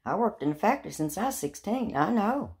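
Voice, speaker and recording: A woman's voice: mid-range voice, sing-song, brisk, a little mellow. A middle-aged woman, rambling chattily to her phone camera in a casual vlog. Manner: rambling and chatty, with repeated words and self-mocking laughs. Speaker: vlogger. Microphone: handheld phone.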